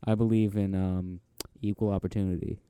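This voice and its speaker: Young guy hosting a podcast, needling and crude, deep warm tone. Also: level tone, a little fast, clean tone, no echo. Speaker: podcast host. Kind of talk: casual comedic banter.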